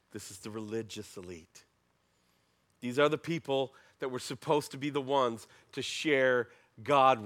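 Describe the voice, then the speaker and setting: A middle-aged man preaching a sermon as pastor, talking in a conversational way with emphatic, animated bursts. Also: mid-range voice.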